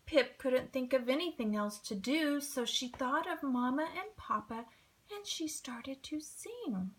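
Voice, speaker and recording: A woman reading a children's picture book aloud, expressive and acting out sound effects. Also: high voice, takes it slowly. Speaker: storybook reader. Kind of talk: children's storybook read-aloud.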